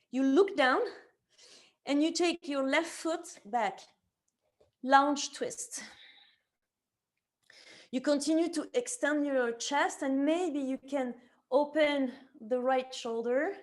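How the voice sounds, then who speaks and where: A woman teaching a yoga class, calmly cueing each movement to the breath and gently offering options. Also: sits high, slow pace, pauses often. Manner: calm step-by-step cueing tied to the breath. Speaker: yoga teacher and somatic therapist. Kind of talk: guided yoga class instruction.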